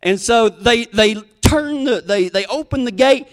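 A man's voice: very high voice, measured pace. A man telling a folksy, self-mocking country story on stage.

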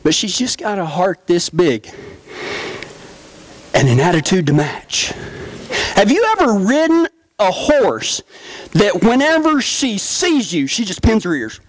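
A middle-aged man giving a humorous storytelling talk from a stage, folksy and quick to laugh. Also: sits high, no echo. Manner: folksy, animated, laughs often. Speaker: stage speaker.

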